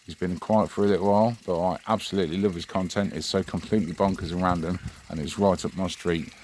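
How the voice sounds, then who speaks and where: A man's voice: low-pitched, steady tone, fast talker, darkish tone, slight background noise. A man hosting his own channel, chatting in a rambling, friendly way. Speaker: channel host. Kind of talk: casual vlog address.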